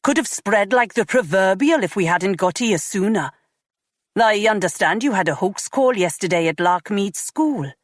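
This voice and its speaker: A man's voice: high-pitched, expressive, moderate pace, no room sound, clean studio sound, voice pushed up. A woman narrator voicing a rotund middle-aged Welsh fire officer, friendly and chatty, with a Welsh accent. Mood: matter-of-fact. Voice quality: warm, chatty. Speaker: assistant chief fire officer.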